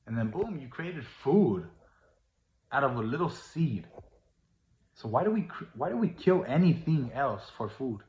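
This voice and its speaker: Man vlogger, preachy and earnest, mid-pitched, roomy dull lo-fi recording. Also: big pitch swings, measured pace. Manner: preachy, earnest, repetitive, rising to emphatic. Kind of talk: casual monologue.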